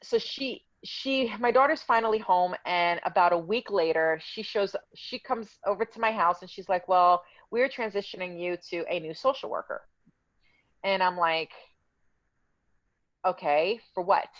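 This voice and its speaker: A woman's voice: fairly low pitch, unhurried, no room sound, lo-fi sound. Indignant woman telling her story. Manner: heated, indignant retelling with quoted dialogue. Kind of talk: casual storytelling interview.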